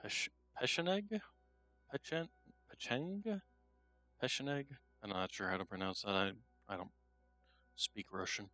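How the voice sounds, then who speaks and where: A man's voice: fairly low pitch, big pitch swings, a little slow, long pauses, pushed and bright, dry recording, soft background music. A man streaming a shooter game, chatting casually and talking to his cat between game remarks. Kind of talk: casual gameplay commentary.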